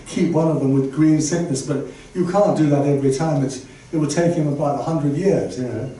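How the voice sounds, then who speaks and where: Fairly quick and hardly pausing, an older man with a warm, somewhat high voice gives a guest lecture to an audience. The talk is chatty and digressive, laden with fillers and asides. It's captured far off in a heavily echoing lecture room, with faint background noise.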